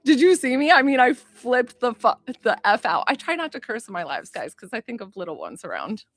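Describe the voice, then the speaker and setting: A woman psychic healer chatting on a livestream, excitable and rambling, swearing now and then. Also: on the high side, a little fast, no room sound. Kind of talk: casual livestream chat with viewers.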